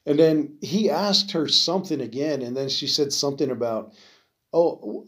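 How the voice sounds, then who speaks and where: A man's voice: fairly high pitch, normal speed. A man hosting a podcast, talking in a loose, rambling way with lots of fillers and casual swearing. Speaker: podcast host. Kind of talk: casual solo podcast monologue.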